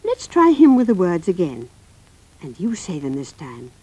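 Woman storyteller for small children, gentle, coaxing, lively pitch. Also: moderate pace, breathy edge, low-quality recording. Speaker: narrator.

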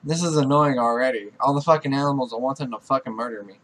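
Talking fast with few pauses, this young man has a fairly bright mid-range voice. In his swear-filled Let's Play commentary as a gaming YouTuber, he's exasperated, bossing and scolding the characters he controls.

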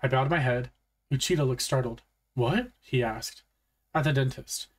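A man reading a novel aloud in a calm, matter-of-fact first-person narration. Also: medium pitch, moderate pace. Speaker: audiobook reader. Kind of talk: audiobook narration.

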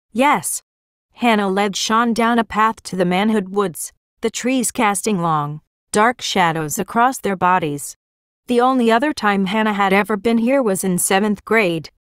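A woman reading a novel aloud as an audiobook narrator, in a steady, even manner. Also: mid-range voice, smooth, no echo, studio quality.

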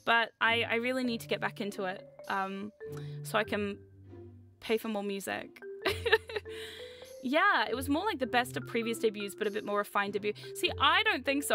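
A young woman with a New Zealand accent chatting on a livestream, chaotic and loud, laughing often and bursting into screams. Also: fairly high pitch. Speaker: VTuber streamer. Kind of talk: casual livestream chat.

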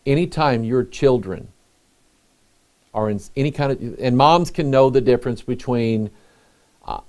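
A middle-aged man, a pastor, preaching a sermon in an earnest, conversational way with pauses. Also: medium pitch, lively intonation, darkish tone.

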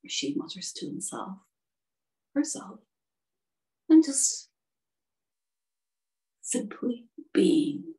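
Woman telling a story, slow and gentle, creaky mellow voice, mic far off. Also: on the high side. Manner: unhurried, gentle narration. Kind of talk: spoken storytelling. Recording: distant from the mic.

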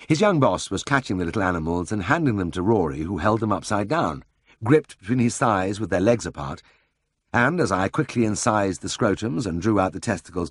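A man reads a first-person memoir in a measured storytelling manner. His voice sits fairly low with a husky grain and an animated melody, recorded dry and close. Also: no echo. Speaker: audiobook narrator.

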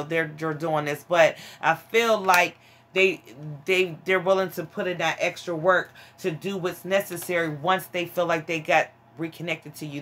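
Woman reading tarot cards for her viewers, frank, emphatic, bright voice, faint hiss behind. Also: on the low side. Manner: frank and emphatic, calls viewers honey and child. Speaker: tarot reader.

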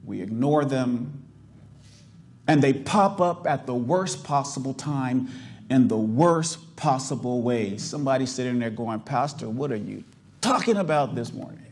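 A man's voice: mid-range voice, animated, measured pace, a little mellow. A middle-aged male pastor from the US South with a Californian accent, preaching emphatically and asking the congregation rhetorical questions. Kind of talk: sermon.

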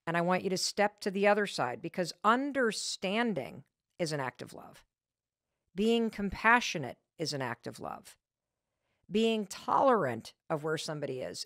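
A podcast host, a woman in her fifties, tells a personal story emphatically and self-deprecatingly, speaking in quick bursts. Her voice sits on the low side and is a bit bright, recorded at studio quality with no room sound.

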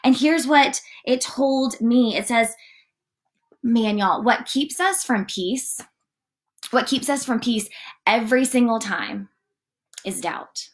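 A woman giving a casual morning devotional, chatty and animated, often saying "like" as she reads and talks. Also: on the high side, takes it slowly, long pauses. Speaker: church devotional leader.

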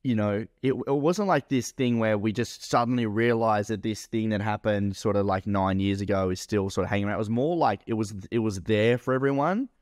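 A man's voice: on the low side, brisk, hardly any pauses, a little mellow, no echo, studio quality. A man co-hosting a podcast, telling a story in a rambling, casual way, full of fillers and swearing. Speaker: podcast co-host and business owner.

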